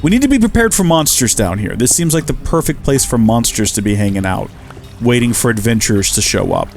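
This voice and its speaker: A man's voice: on the low side, expressive, a little fast, gravelly, faint music behind. Chatty man narrating his gameplay. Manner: chatty, talks to animals and himself, jokey asides. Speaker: Minecraft let's-play host. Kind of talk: casual gameplay commentary.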